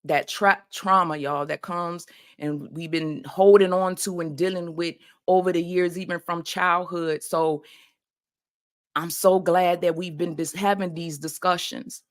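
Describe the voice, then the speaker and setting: Woman host, slightly low voice, motivational faith talk full of "come on, y'all". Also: steady tone, measured pace. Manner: preacherly call-and-response, often says "y'all". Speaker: podcast host and life coach.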